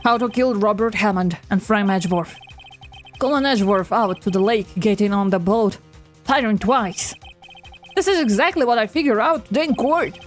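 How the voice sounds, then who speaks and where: An earnest young male lawyer, read by a woman in a near-natural tone, steady and plain. Faint music plays behind. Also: medium pitch, normal speed, natural voice.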